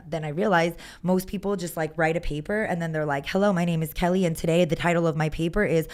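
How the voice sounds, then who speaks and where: Animated woman telling stories. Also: lowish voice, quick pace, few pauses. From Texas. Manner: animated storyteller, lots of "like", acts out quotes. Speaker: guest musician. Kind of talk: casual chat.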